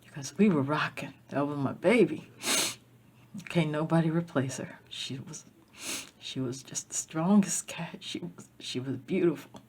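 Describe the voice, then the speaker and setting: Woman vlogger, husky dark voice, tearful, rambling and repetitive, loud then whispery. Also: sits low, a little slow. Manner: emotional, repetitive, swings from loud to near-whisper. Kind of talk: rambling personal monologue.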